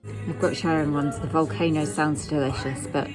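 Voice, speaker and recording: A woman's voice: sits low, steady tone, moderate pace. A woman, a food vlogger, chatting casually and self-deprecatingly to camera. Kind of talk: casual vlog narration. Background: background music.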